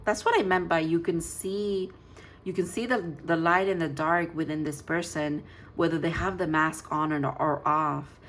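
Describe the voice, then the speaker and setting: Woman, tarot reader, low voice, rambling emotional chat, faint hiss behind. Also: fairly even intonation, normal speed, poor audio. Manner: rambling, emotional, warm-hearted, with frequent fillers and restarts. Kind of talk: casual spoken tarot reading.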